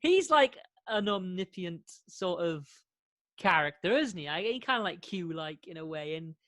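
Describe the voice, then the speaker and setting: A man's voice: high-pitched, expressive, moderate pace, a bit bright, dry recording. A man, co-hosting a casual podcast. He rambles, restarts his sentences and laughs often. The sound is dry and close, with no room around it. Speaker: podcast co-host. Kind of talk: casual chat.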